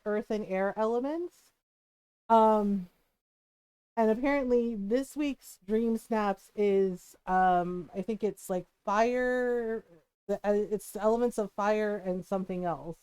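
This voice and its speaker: A woman streamer chats to her live audience in a rambling, animated way, laughing easily as she goes. Her voice sits a little high and sounds smooth and clear. The sound is dry and close to the mic. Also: no echo.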